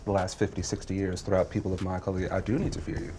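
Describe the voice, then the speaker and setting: A man from the United States, speaking calmly and thoughtfully in a casual group discussion. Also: sits low, racing, slight background noise.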